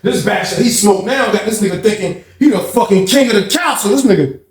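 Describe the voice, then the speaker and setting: A man tells a story in a casual vlog, animated and profane, jumping between shouts and hushed asides. His voice sits a little high and rings in an echoey room. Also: fairly quick.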